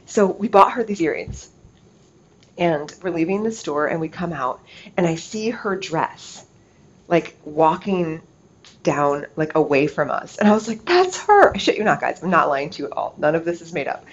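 A middle-aged woman hosting a casual storytelling podcast, chatty and animated, leaning on "like" a lot. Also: deep voice, moderate pace, slightly rough. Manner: chatty, animated, heavy use of "like". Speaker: podcast host. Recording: slightly dull lo-fi recording with faint noise.

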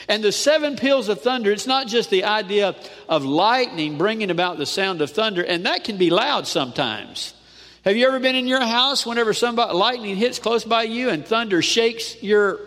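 A male pastor preaching a sermon, asking "amen?" often and swinging between loud declarations and hushed lines. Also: sits high, lively intonation, normal speed. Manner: preachy call-and-response with frequent "amen?". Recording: long hall reverb.

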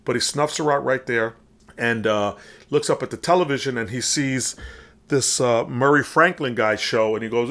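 A man casually retelling a film, with a voice of ordinary middle pitch for a man. He rambles, restarts his sentences and leans on fillers as he goes. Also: moderate pace, fairly bright tone. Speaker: film recapper.

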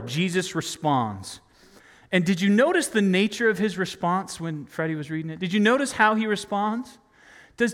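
Guy preaching, chatty, keeps asking the crowd questions, fairly high voice, long echo off the hall. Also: a bit bright. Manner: conversational, asks rhetorical questions. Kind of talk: sermon.

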